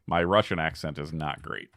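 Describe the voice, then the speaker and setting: A man's voice: a bass voice, moderate pace, gravelly, a bit bright, no room sound, studio quality. A man giving casual gameplay commentary as a streamer, chatty, laughing often and talking back to his chat.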